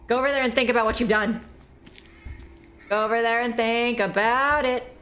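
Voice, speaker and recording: A woman's voice: fairly high pitch, steady tone, normal speed, pauses often, fairly bright tone, slight background noise, low-quality recording. A woman streamer giving casual gameplay commentary, playful and teasing, swearing freely and talking back to the game's characters. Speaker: game streamer.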